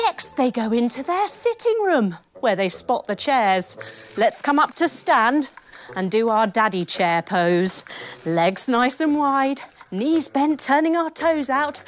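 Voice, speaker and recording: A woman in her thirties tells a story while guiding children through yoga poses. Her voice is high, swoops up and down, and moves at an unhurried pace, with soft music underneath. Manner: animated, soothing, sing-song. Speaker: kids yoga instructor.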